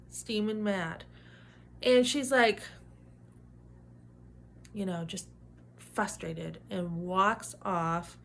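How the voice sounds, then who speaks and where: A woman telling a story from her first night at a new job in a casual vlog, with a mid-range voice. She acts out the lines of coworkers and keeps checking in with the listener. A faint noise sits under her voice. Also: mid-range voice. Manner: animated, retelling dialogue with asides like "right?". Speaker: vlogger telling a workplace story.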